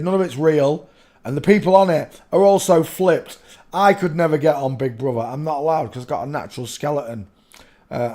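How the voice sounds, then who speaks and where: A man hosts a livestream from a room at home in a loose, rambling way. He breaks into sudden loud outbursts between stretches of plain talk. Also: medium pitch. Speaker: livestream host.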